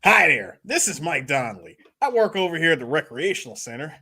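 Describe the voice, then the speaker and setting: A man's voice: fairly high pitch, big pitch swings, pushed and bright, husky, full character voice. A man doing an impression of an overeager male campaign volunteer who rambles and chuckles through a cold call. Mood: eager rambling. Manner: fast, fawning, rambling, chuckling between lines. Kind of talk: film quote impression.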